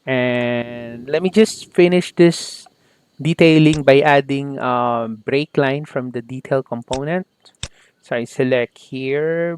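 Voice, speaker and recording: A man teaching a software tutorial step by step, often saying "okay" and "there you go" as he works. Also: mid-range voice, clean tone. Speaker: software instructor. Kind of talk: screen-recorded software tutorial.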